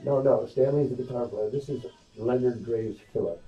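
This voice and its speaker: A man's voice: medium pitch, moderate pace, soft background music. A man co-hosting an online radio show in casual chat, rambling and hesitant, laughing easily. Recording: distant lo-fi webcast audio.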